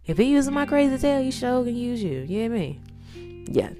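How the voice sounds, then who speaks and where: A woman giving an unscripted motivational talk, her voice swinging between hushed near-whispers and loud emphatic bursts. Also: on the high side, sing-song, normal speed. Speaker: podcaster sharing personal testimony. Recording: guitar music playing under voice.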